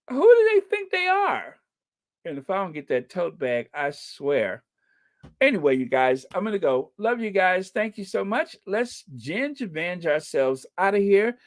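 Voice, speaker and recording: A middle-aged host winding down a casual livestream with an unhurried, drawn-out delivery. The pitch swings widely as they tease and feign outrage, and the talk stays playful and chatty throughout. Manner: playful, mock outrage, animated. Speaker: channel host.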